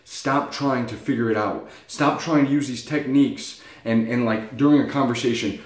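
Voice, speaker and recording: A man's voice: mid-range voice, normal speed, few pauses. A young man giving blunt, profane motivational talk in a casual self-help vlog. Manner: blunt, profane, animated storytelling. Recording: echoey room.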